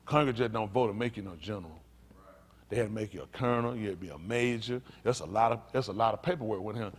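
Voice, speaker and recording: This male pastor is a fast talker, preaching an animated sermon full of folksy vernacular while calling out to the people in the pews. He surges high and loud to stress a point, then falls back to low, quiet lines.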